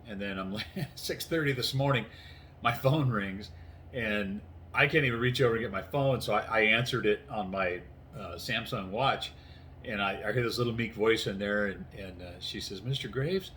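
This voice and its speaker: A man's voice: on the low side, normal speed, pushed and bright, a little hiss or hum. A tired man in his sixties, rambling through a casual vlog story indoors at home and acting out the conversations. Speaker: vlogger. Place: inside his house, doors closed.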